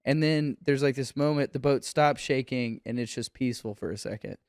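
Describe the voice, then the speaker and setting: A man chatting casually on a comedy podcast, retelling scenes in an animated way, laughing often and filling with "like". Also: mid-range voice, brisk, clear, resonant tone, no echo, studio quality. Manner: animated retelling, laughs a lot, many "like" fillers. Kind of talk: casual chat.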